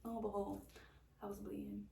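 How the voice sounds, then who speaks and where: Chatty podcast co-host, gravelly voice, animated storyteller; echoey room, distant mic. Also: female voice, medium pitch, brisk. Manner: animated storytelling, acts out quotes. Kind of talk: casual chat, personal story.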